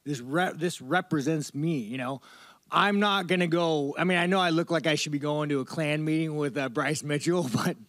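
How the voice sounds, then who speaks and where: A man's voice: on the high side, moderate pace, fairly bright tone, no room sound, studio quality. A man, a fighter answering reporters' questions in a loose, rambling, profane way, calling everyone dude. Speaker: fighter at a media interview. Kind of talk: casual media-day interview.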